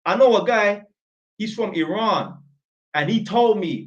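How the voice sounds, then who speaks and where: A man's voice: high-pitched, expressive, a little slow, muffled recording. A young man with a London accent telling a story and ranting in blunt, slangy, opinionated talk to his viewers. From North London. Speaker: channel host. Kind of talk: casual storytelling to camera.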